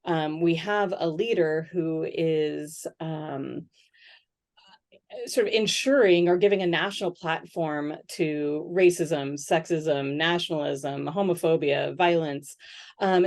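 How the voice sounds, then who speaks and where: Thoughtful woman scholar with lowish voice. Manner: thoughtful, many "um"s and "right?" tags, animated when quoting others. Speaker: sociologist and author, interviewee. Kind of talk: conversational interview answers.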